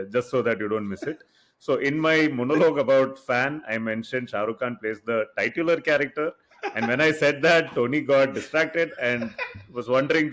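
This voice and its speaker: A man's voice: mid-range voice, a bit bright. A man with an Indian English accent, co-hosting a casual podcast and wryly summing up the running jokes. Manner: wry, explains the jokes back in a dry summing-up way. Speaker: podcast co-host.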